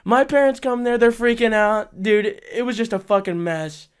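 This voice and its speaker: Young guy on a podcast, high smooth voice, cussing and hyped while he tells a story. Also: moderate pace. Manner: profane, excitable storytelling, laughs often. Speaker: podcast co-host. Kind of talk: casual storytelling chat.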